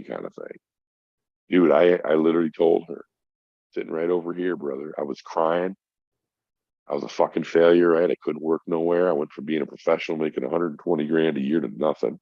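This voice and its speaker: Low and gravelly, a little mellow, this man speaks at normal speed with long pauses and no echo, captured in dry, dull lo-fi sound. He's a middle-aged podcast guest sharing a personal story in casual, profane, emphatic talk, addressing the host as bro.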